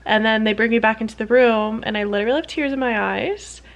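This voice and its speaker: A slightly high-pitched young woman talks straight to her vlog camera in an easy, chatty way. She rushes through a story, scattering "like" everywhere and acting out what other people said in sudden high, lively voices. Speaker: vlogger, PhD student.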